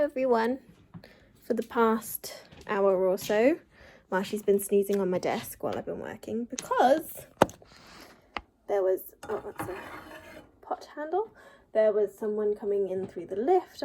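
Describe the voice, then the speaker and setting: A woman's voice: mid-range voice, dark tone, a little hiss or hum. A young woman chatting casually in a rambling vlog, with lots of "like" and "um". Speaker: vlogger.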